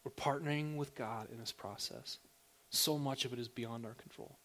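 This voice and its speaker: A man preaching a sermon as a pastor, talking in a relaxed, conversational way and asking the listeners direct questions. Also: medium pitch, moderate pace.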